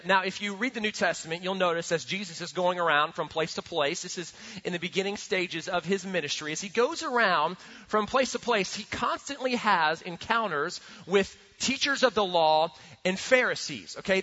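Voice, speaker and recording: Wysoki, jasny głos pastora, pogłos sali. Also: male voice, high-pitched. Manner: earnest, animated storytelling with repeated words. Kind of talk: sermon. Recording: dull sound with long hall reverb.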